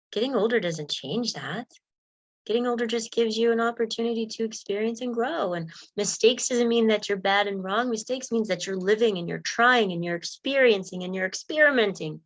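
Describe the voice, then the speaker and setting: A woman's voice: a little high, fairly bright tone. A woman giving an earnest, emotional self-help talk, laughing often and acting out inner voices. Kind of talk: motivational talk.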